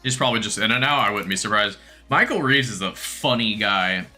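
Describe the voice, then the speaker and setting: A young man chatting on a game live stream with a very bright, forward voice. His pitch swings widely as he rambles and teases himself, laughing often, with faint music under him. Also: animated, a little fast. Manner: chatty, self-mocking, laughs easily. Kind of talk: casual live-stream chat.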